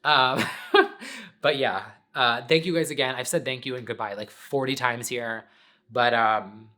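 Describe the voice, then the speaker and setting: A man's voice: medium pitch, measured pace, pushed and bright. A man talking straight to camera from home, rambling and candid in a casual chat and swearing now and then. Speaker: vlogger and podcast host. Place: sitting at home in his apartment.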